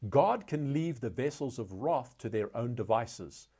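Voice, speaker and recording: Man, Bible study teacher, mellow tone, measured delivery, reads verses aloud. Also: mid-range voice, lively intonation, husky. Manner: measured, deliberate explanation; reads scripture passages aloud. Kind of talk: scripture teaching.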